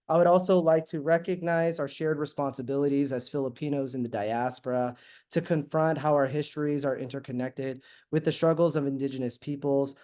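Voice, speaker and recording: A man giving an academic guest lecture as a university professor, speaking in a measured way and reading prepared text with the occasional filler. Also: medium pitch, darkish tone.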